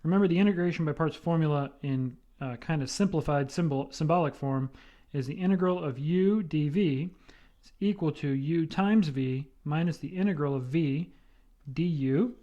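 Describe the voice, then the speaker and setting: A man's voice: fairly high pitch, moderate pace, warm tone, lo-fi sound. A man lecturing on math, explaining step by step and checking in often with "right?". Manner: explanatory, repeats with "right?" and fillers.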